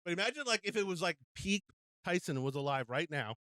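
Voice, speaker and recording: A man's voice: sits high, lively intonation, a little fast, pushed and bright, no room sound. A man as a podcast guest in casual chat, laughing often, swearing and saying bro.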